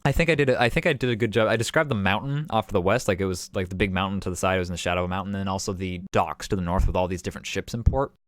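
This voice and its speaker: A man's voice: deep voice, very fast, few pauses, no echo. A man talking casually as game master, recapping a tabletop session in a rambling way full of fillers and restarts. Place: home streaming setup.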